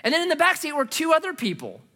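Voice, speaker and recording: Animated bright-voiced middle-aged male pastor. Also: very high voice, fast. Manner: animated, self-mocking, acts out his own reactions. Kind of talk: sermon with personal storytelling. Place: church stage.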